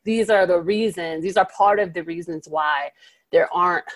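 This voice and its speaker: A woman co-hosting a podcast in casual chat, animated, laughing often and leaning on fillers. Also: lowish voice, moderate pace. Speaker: podcast co-host.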